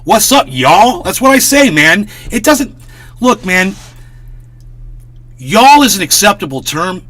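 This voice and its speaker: A man with a bright, forceful voice pitched a little high rants on a live stream. He swears freely and keeps himself worked up. His talk is loose, casual and profane. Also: very animated, slow pace. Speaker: livestream host.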